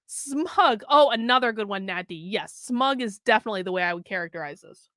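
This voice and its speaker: A woman's voice: medium pitch, lively intonation, brisk, sharp tone, dry recording, studio quality. A woman hosting a news commentary show, reading an article aloud and mocking it sarcastically.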